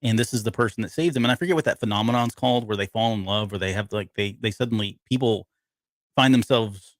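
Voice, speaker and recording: A man's voice: fairly low pitch, fast talker, no echo. A man co-hosting a casual live podcast, rambling and often stopping to hunt for a word he has forgotten. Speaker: podcast co-host. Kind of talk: casual live TV-show breakdown chat.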